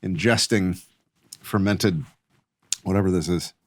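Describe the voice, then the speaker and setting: A man guesting on a podcast, chatting casually in an animated, jokey, opinionated way. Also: low voice, unhurried. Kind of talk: casual chat.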